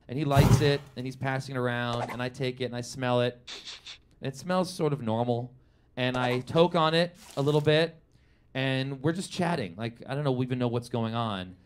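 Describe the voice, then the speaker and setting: A man's voice: mid-range voice, slight background noise. A man telling a comedic true story to a live audience, acting out the quoted voices. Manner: animated, acts out quotes in big voices.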